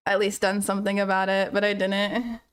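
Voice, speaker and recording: A woman's voice: mid-range voice, flat delivery, a little fast, smooth. A young woman streaming live, chatting casually with viewers and telling a story with laughs. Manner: chatty, laughing storyteller reading chat aloud.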